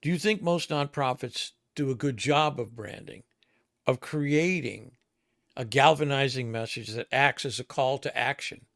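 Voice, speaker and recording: A man hosting an interview podcast, asking measured questions with halting restarts. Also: mid-range voice, vocal fry, a bit bright, no echo, clean studio sound. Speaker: podcast host. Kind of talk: interview conversation.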